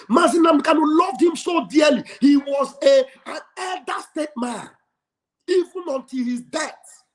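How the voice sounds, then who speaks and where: A man hosting a livestream, giving a fiery, preacher-like speech full of shouting and call and response. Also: very high voice. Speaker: livestream host. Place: home livestream studio.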